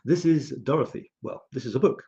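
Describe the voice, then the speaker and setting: A man's voice: mid-range voice, brisk, mellow, lo-fi sound. A man casually hosting a live photography stream, musing aloud and talking straight to his viewers. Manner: chatty, musing, talks to viewers directly. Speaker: host of a live photography show.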